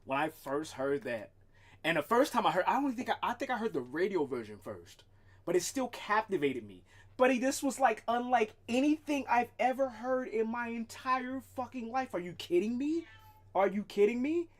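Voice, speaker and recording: A man's voice: extremely high pitch, moderate pace. A man streaming live, ranting casually and swearing a lot, sometimes talking to his cat. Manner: animated, profane, talks to his cat. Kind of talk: casual livestream rant.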